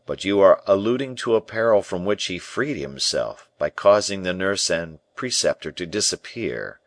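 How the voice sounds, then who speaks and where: A calm, guarded bishop who answers gravely and without hurry, as voiced by a man. The voice is deep and low. It is recorded close and dry. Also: no echo. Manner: slow, grave, measured replies.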